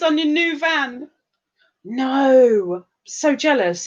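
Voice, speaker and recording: Woman, high voice, sore throat, unhurried, chatty, self-mocking livestream host. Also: expressive, dull audio. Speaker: livestream host reading viewer comments. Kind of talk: casual chat.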